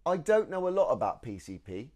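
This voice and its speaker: A man's voice: fairly high pitch, sing-song, brisk, crowd noise. Rambling British man telling a story. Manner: rambling, with fillers and restarts. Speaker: podcast co-host. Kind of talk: casual storytelling chat.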